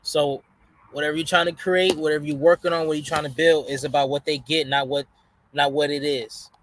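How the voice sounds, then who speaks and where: A man's voice: a little high, little pitch movement, a little fast, slight background noise. A man hosting a reaction video, giving casual, preachy motivational asides in slangy speech. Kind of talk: casual commentary.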